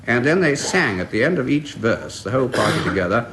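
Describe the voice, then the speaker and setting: A man's voice: medium pitch, sing-song, brisk, fairly bright tone. Male quiz host reciting verse with relish, a faint old broadcast hiss behind him. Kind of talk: radio panel show hosting, reading verse aloud. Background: studio audience laughter.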